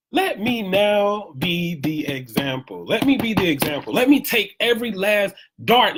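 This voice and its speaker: A man talking casually in a preachy, animated motivational monologue, live from home, repeating phrases for emphasis. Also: high voice, noisy background.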